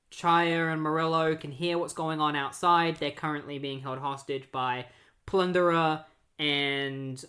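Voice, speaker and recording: A comic book reviewer talks through a storyline in a loose, chatty recap. The voice sits at a middling pitch and keeps stopping and restarting with fillers. Now and then it slips into characters' lines while recounting the plot. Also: a bit bright.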